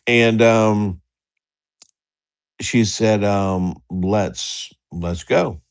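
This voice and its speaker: A man's voice: on the low side, very slow, gravelly. Crude, rambling man telling a story. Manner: rambling, crude, laughing, mimics dialogue. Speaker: storyteller on a livestream talk show. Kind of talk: casual storytelling.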